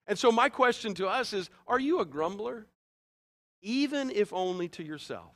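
Earnest, higher-voiced male pastor preaching. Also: animated, normal speed. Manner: earnest, conversational preaching with sudden loud rises and soft drops. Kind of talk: sermon.

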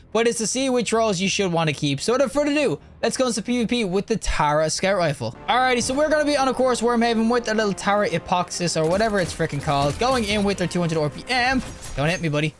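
A young man hosting a gaming video, giving live gameplay commentary and reacting excitably as he plays. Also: sits high. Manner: excitable, yelps and laughs mid-play.

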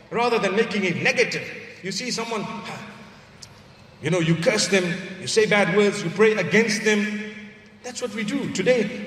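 A high-pitched man delivers a sermon from some distance away in a large, echoey hall, with faint ambience behind him. He tells his story in a lively storytelling way, sinking his voice low for asides. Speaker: preacher. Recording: echoey hall recorded from far off.

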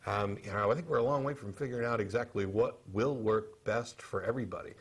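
A man with a fairly low voice co-hosts a cable access TV discussion. He talks carefully and haltingly, pausing on "um" and restarting his sentences as he works through a point in the studio. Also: husky. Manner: measured, halting, many fillers and restarts. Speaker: TV show co-host.

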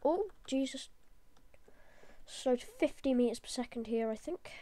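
A woman narrating her own gameplay in a quick, chatty running commentary. Her voice sits a little higher than most, and she jumps between jokes and excited outbursts. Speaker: gamer. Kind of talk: let's play commentary.

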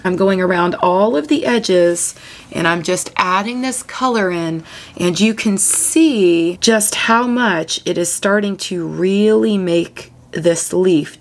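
Chatty woman demonstrating coloring. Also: mid-range voice. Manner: gushing, chatty, talks while working. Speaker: coloring tutorial host. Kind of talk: casual step-by-step demonstration.

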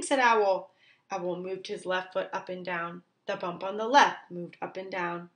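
A woman teacher reading a children's book aloud, slowly and clearly for young children. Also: medium pitch, lively intonation.

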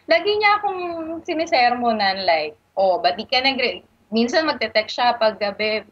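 A woman's voice: a little high, very animated, moderate pace. Filipino woman caller on a dull line. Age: 30s. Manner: code-switches between Tagalog and English, earnest. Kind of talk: casual call-in chat.

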